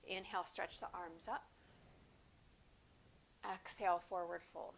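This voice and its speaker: Calm woman guiding a yoga flow. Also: lowish voice, creaky, a little hiss or hum. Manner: calm, unhurried cueing of breath and poses. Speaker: yoga teacher. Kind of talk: guided yoga class instruction.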